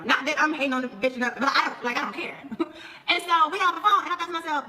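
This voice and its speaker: A woman's voice: high-pitched, quick pace, pushed and bright, long reverb tail, poor audio. A woman chatting to viewers, telling stories and acting out both sides of each conversation. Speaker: reality TV cast member talking to viewers. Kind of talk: casual storytelling chat.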